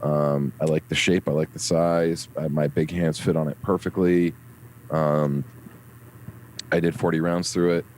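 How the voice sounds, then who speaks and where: A man's voice: extremely low pitch, level tone, unhurried, a little mellow, slight background noise. A man chatting casually as a podcast guest, enthusiastic and rambling with plenty of fillers. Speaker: guest reporting from a trade show.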